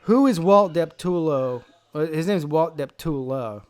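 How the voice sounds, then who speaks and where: A man's voice: fairly high pitch, lively intonation, measured pace, a little mellow. A man from South Carolina hosting a live football draft stream, brash, profane and joking in casual commentary.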